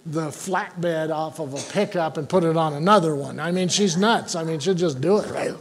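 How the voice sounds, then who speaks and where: An older male pastor preaches in a folksy, joking way, tossing questions out to his congregation. His voice sits fairly high for a man. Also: moderate pace, crowd noise. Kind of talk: sermon.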